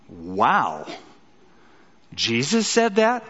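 A man's voice: on the high side, expressive, unhurried, pushed and bright, big-room sound, lo-fi sound. A middle-aged man preaching a sermon as a pastor, emphatic, with rhetorical questions and dramatic quoted lines.

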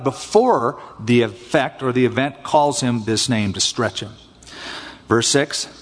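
A man in a church sanctuary delivers an expressive sermon, his voice pitched a little high. A long reverb trails each phrase. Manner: expressive preaching that acts out scripture voices. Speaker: pastor.

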